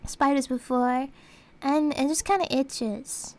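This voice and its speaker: A woman's voice: sits high, slow. An Australian woman streamer chatting casually and acting out conversations as she tells stories. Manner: animated storytelling, acts out exchanges. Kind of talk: casual chat.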